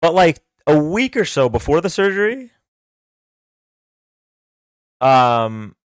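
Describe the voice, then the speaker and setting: Male livestream host; smooth, rambling storyteller with lots of fillers, dry close sound. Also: fairly high pitch, sing-song, normal speed, no room sound. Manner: rambling, filler-heavy, with frequent restarts. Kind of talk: casual storytelling.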